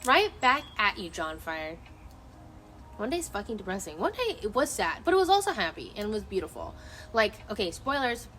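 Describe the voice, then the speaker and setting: A woman's voice: medium pitch, big pitch swings, normal speed, fairly bright tone, faint music behind. A woman streamer in casual chat outdoors at night, rambling and emotive and swearing freely as she talks into her phone. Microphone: phone camera.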